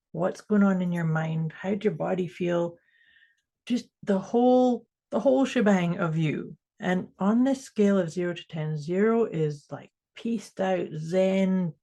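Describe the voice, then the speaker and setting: A woman with a Scottish accent, co-hosting a casual podcast chat remotely, playful and quick to laugh. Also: on the low side, gravelly. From Scotland. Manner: warm, playful, laughs often. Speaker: podcast co-host. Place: home in Canada, remote call.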